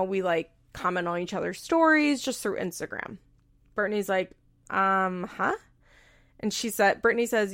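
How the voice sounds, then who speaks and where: Woman podcast host, casual recap chat, opinionated and animated, slight gravel. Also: mid-range voice, normal speed. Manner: chatty, opinionated, quotes others in animated asides.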